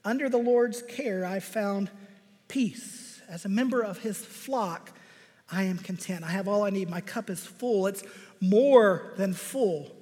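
A man with a high voice delivers a sermon in a hall with a long reverb. He speaks in a measured, emphatic way and uses deliberate pauses. His voice rings through the hall. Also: darkish tone. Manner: measured, emphatic pauses, reads scripture aloud. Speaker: preacher.

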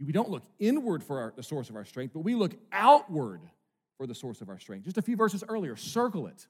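A man preaching a sermon in a conversational way, with quick restarts, swinging from hushed to loud for emphasis. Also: on the high side, big pitch swings, slightly rough, in a large hall. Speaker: pastor.

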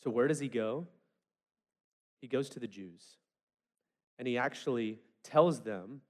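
A man's voice: mid-range voice, unhurried, pauses often. A man preaching a sermon in a conversational, storytelling way, acting out the people he quotes. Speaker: pastor.

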